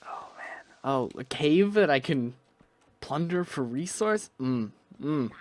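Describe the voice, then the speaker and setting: A man's voice: fairly high pitch, animated, takes it slowly, no room sound. A young man giving casual, rambling commentary on his own gameplay, thinking aloud with lots of restarts and asides. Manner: rambling, self-talking, musing aloud with restarts. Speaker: gaming video creator.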